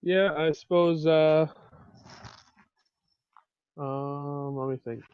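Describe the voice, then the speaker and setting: A man's voice: fairly high pitch, steady tone, drawn-out words, clean tone, no echo, dull audio. A man playing a tabletop game over voice chat, thinking aloud in a hesitant way. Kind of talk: casual play over voice chat.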